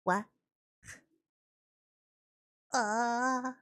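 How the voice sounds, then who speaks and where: A woman's voice: on the high side, steady tone, extremely slow, fairly bright tone. A woman streamer chatting casually while gaming, thinking aloud and answering chat.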